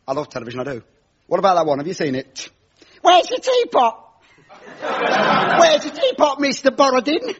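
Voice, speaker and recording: A man's voice: extremely high pitch, sing-song, normal speed, long pauses, pitched above the performer's own voice. A man doing a brash cheesy stage comic. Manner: brash, gag-cracking patter. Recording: lo-fi recording with loud audience laughter.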